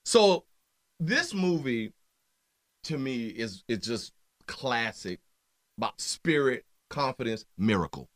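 A man co-hosting sports talk, with a voice that swoops up and down as he teases his partner and tells stories. He sits at a mid pitch and talks casually. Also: slow pace, long pauses. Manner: lively, teasing, storytelling. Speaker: co-host.

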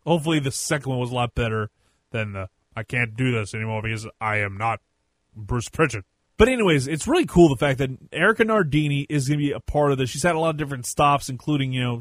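Chatty podcast host. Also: male voice, mid-range voice, dry recording. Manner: chatty, rambling, self-correcting. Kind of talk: casual solo podcast commentary.

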